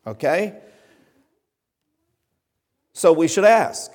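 A man's voice: fairly high pitch, big pitch swings, extremely slow, a little mellow. A man preaching a sermon with emphatic, rising and falling delivery. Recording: long reverb of a hall.

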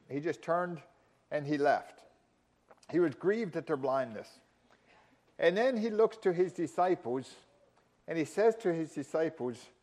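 A man preaching a sermon, emphatic, with dramatic pauses and rising intensity in quoted lines. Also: fairly high pitch, darkish tone. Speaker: pastor.

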